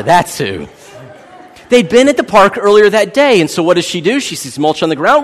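Animated pastor in a reverberant church hall. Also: male voice, sits high, normal speed. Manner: animated, joking, acts out voices in anecdotes. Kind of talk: sermon with storytelling.

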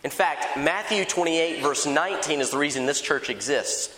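A man preaching a sermon in a conversational, lively way, acting out little dialogues. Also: on the high side, normal speed. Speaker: pastor. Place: large church hall. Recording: echoey church hall.

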